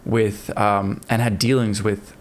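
A man's voice: on the low side, takes it slowly. A man casually telling a history story to a friend on a podcast, with plenty of fillers. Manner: relaxed storytelling with fillers and laughs. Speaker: podcast co-host.

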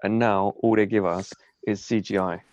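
A man's voice: lowish voice, steady tone, moderate pace, darkish tone, dry recording. A man co-hosting a casual podcast chat, ranting and exasperated, swearing often. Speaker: podcast co-host. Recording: dull lo-fi sound, dry.

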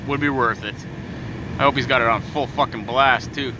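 A man's voice: medium pitch, steady tone, moderate pace. A man from Canada ranting and swearing through a podcast while driving, exasperated and full of asides. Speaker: podcast host. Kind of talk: profane podcast rant. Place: in a moving car. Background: faint car noise.

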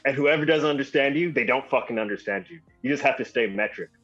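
A man's voice: mid-range voice, fast talker, fairly bright tone, breathy edge, muffled recording, faint music behind. A man in casual, profane banter with a friend, talking in a laid-back way. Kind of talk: casual chat.

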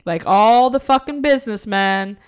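Blunt, animated woman with a smooth voice. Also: fairly high pitch, normal speed. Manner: blunt, swears freely, animated storytelling. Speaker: podcast co-host. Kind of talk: casual chat.

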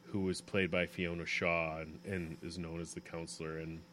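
A man's voice: sits low, little pitch movement, normal speed, a bit bright, slight background noise. A man co-hosting a casual podcast chat, talking with enthusiasm. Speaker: podcast co-host.

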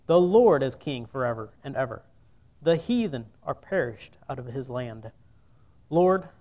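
Man, preacher, sermon, scripture reading, earnest, mid-pitched voice. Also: a little mellow. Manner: earnest, reads old scripture wording then preaches directly.

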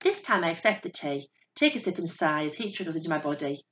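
A woman with a lowish voice narrates a fairy tale. Her delivery is steady and measured, like a storyteller reading aloud.

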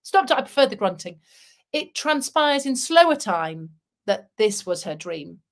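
A woman's voice: mid-range voice, big pitch swings, measured pace. A middle-aged woman, giving a motivational talk as a humorous storyteller with dry asides. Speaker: motivational speaker.

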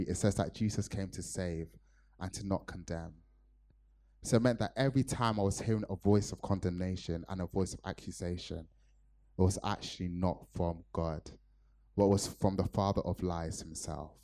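A man's voice: low voice, dark tone. A man from Nigeria preaching a sermon to his church, telling a personal story earnestly with frequent fillers.

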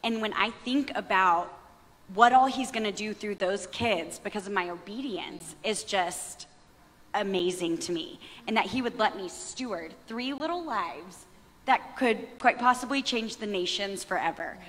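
A woman's voice: mid-range voice, measured pace, fairly bright tone. A woman in her thirties giving an earnest, reflective faith testimony on stage, with a lightly self-mocking touch. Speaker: panelist sharing testimony. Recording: long hall reverb.

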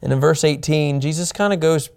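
A man's voice: a little high, brisk, vocal fry, a little mellow. A man teaching the Bible as a pastor, earnest and emphatic, repeating his key points.

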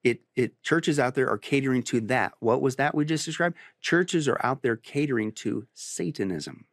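A man's voice: mid-range voice, expressive, normal speed, no room sound. Emphatic preaching man, dry close sound. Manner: emphatic, rising to forceful peaks. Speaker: pastor. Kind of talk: preaching on a podcast interview.

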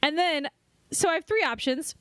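Bubbly high-voiced young woman podcaster. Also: lively intonation, normal speed, fairly bright tone, dry recording, studio quality. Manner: giggly, easily breaks into laughing fits. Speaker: podcast co-host. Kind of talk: casual chat, reading a book aloud.

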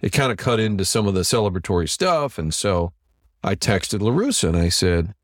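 Man, middle-aged, low-ish voice, dry close sound, chatty storyteller, acts out quotes, sports broadcaster guest. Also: fairly quick, no echo. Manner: animated anecdote teller who acts out quotes. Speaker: TV sports director, podcast guest. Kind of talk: casual storytelling interview.

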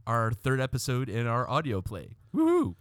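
A man hosting a casual podcast, making deadpan jokes at his co-hosts. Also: medium pitch, normal speed, no echo. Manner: joking, deadpan asides. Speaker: podcast host.

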